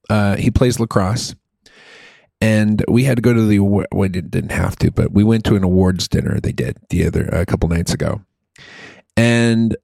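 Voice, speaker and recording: A middle-aged man telling a long story in casual chat. He talks in an animated, rambling way and drops in the odd swear and "dude". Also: lowish voice, creaky, dry recording, clean studio sound.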